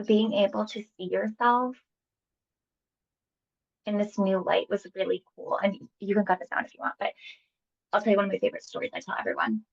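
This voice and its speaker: A woman's voice: medium pitch, a little fast, gravelly, pauses often, highs cut off. A woman in her thirties, a hypnosis client, telling her experience in a candid, emotional, rambling way with many fillers. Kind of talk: candid conversational interview.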